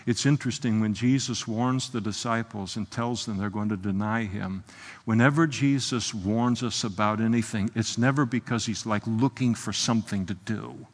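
A man preaching an expository sermon as pastor, impassioned, swinging from soft, low asides to loud, emphatic outbursts. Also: normal speed. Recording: long hall reverb.

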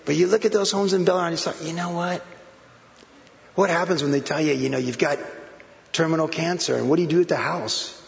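A man's voice: a little high, brisk, vocal fry. Man preaching in an echoing hall. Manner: conversational preaching with many fillers and repetitions. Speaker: pastor. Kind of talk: sermon. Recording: roomy hall echo, dull sound.

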